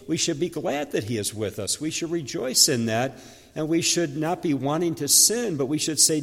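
A man's voice: fairly high pitch, very animated, normal speed, vocal fry, a bit bright, in a large hall. A man preaching a sermon as a pastor, earnestly explaining scripture and asking his listeners rhetorical questions.

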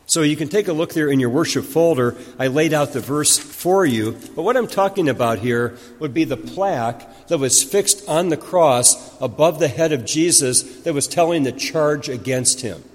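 Male pastor, slightly higher voice, teaching sermon with rhetorical questions, long church reverb. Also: moderate pace, few pauses. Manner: teaching, asks questions and answers them.

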